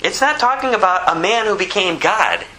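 A man preaching a sermon, explaining scripture verse by verse. He swings between loud, emphatic high peaks and low, quiet asides. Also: expressive, normal speed, poor audio. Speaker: pastor.

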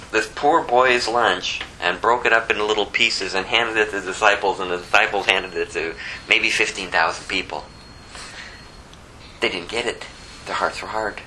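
A man's voice: fairly low pitch, sharp tone, slight background noise, low-quality recording. A man preaching a conversational sermon, asking rhetorical questions and restarting phrases often. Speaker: pastor.

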